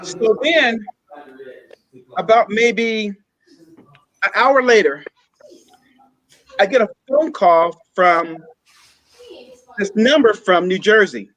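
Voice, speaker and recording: A man earnestly telling a personal story, in a halting way with pauses and fillers. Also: high voice, lively intonation, a bit bright, no echo, low-quality recording. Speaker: guest sharing a personal story.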